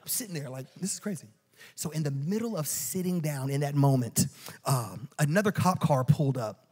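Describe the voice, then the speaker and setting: A man preaching a storytelling sermon in a church, animated and joking. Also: a little high, moderate pace, breathy edge. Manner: animated and joking, acts out quoted voices. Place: church auditorium.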